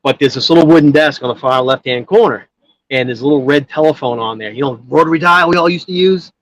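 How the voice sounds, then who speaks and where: A man, a guest storyteller, tells a long personal story in casual chat, rambling with many restarts and filler words. His voice is fairly high and a bit bright, he talks quickly, and the recording is rough.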